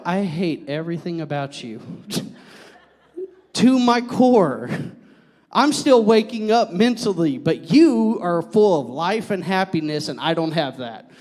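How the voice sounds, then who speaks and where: Animated high-voiced pastor preaching in church. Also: male voice, big-room sound. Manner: animated, joking with the congregation, drops to a near whisper. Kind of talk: sermon.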